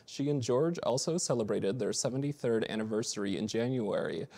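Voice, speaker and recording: A young male anchor reading the news at a middle pitch. He speaks steadily but now and then trips over a word and corrects himself, in a plain college-station broadcast manner. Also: animated, brisk, vocal fry, warm tone. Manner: reads steadily, with small slips and self-corrections. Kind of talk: college TV newscast.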